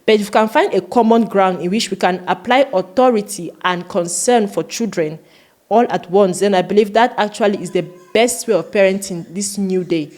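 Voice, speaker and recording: Woman, vlogger, earnest commentary, emphatic, mid pitch, slows for stress. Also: a little mellow. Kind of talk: opinion commentary.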